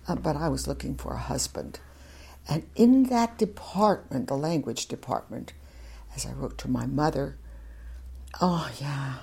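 Brief: older woman interviewee, low gravelly husky voice, chatty and outspoken, rambling stories. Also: dark tone. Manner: talkative, frank, wandering anecdotes. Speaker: interviewee, former German teacher. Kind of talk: oral history storytelling.

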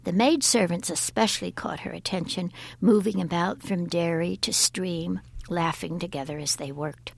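A woman reading a folk tale aloud as a storyteller, expressive and often dropping to a breathy whisper. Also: on the low side, normal speed, few pauses.

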